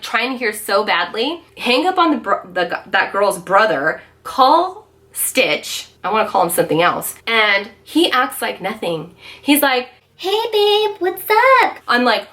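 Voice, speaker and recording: A woman in her thirties telling a personal story in a casual vlog, animated and emphatic, with lots of fillers and some swearing. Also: fairly high pitch. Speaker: vlogger.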